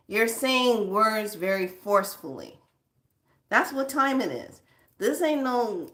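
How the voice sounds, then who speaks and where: A woman's voice: mid-range voice, big pitch swings, a little slow, fairly bright tone. A woman vlogger chatting casually with her viewers, laughing often and swearing for emphasis. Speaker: spiritual vlogger.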